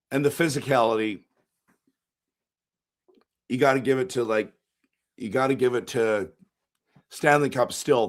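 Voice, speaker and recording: A man hosting a casual hockey livestream with a hoarse, strained voice. He rambles, reads viewer comments aloud and jumps into excited outbursts. His pitch sits in an ordinary middle range. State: hoarse, voice shot. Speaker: hockey fan streamer hosting a post-game show. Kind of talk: casual live-stream chat.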